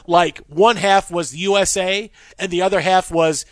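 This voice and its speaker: A man hosting a sports radio show in a studio, talking in animated banter and laughing often. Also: sits high, measured pace, dry recording. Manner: animated, laughs often, acts out quoted voices.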